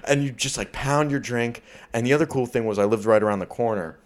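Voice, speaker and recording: A man with a New York accent, co-hosting a podcast and telling profane, animated bar stories in casual chat. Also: medium pitch, quick pace. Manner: profane, animated storyteller, acts out rowdy drunks. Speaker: podcast co-host.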